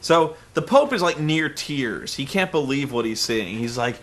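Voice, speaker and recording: Bright-voiced sarcastic male host. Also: medium pitch, moderate pace, hardly any pauses. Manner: sarcastic, animated and ranting. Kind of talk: comedic recap of a wrestling show.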